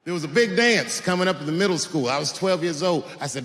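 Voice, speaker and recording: A man doing a stand-up routine, telling animated stories, dropping low for quoted voices and shouting punchlines. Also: fast talker, few pauses. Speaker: stand-up comedian. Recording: live hall reverb with faint ambience.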